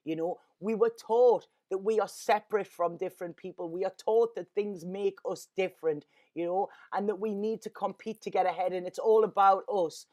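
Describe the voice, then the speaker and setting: A woman's voice: mid-range voice, normal speed, hardly any pauses, a little mellow. A woman, a tarot reader talking in an earnest, rambling, emotional way and often repeating her words. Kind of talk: casual spiritual monologue.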